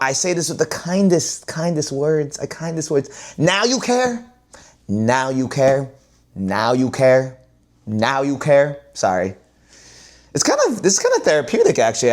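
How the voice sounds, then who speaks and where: Guy ranting on his vlog, mid pitch, keeps repeating stuff, loud then mumbly. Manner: animated, repeats phrases, swings from loud exclaims to mutters. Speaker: vlogger. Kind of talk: casual ranting monologue.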